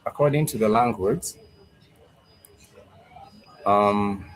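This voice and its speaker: A man's voice: on the low side, slow. A man teaching a live online Swahili class, thinking aloud and repeating his phrases, with many fillers and restarts.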